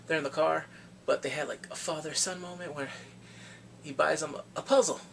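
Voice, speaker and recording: A man recapping a film in casual chat, animated and full of reactions. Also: a little high, brisk, gravelly, a little hiss or hum. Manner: animated, reacts with exclamations and gasps. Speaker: movie reviewer.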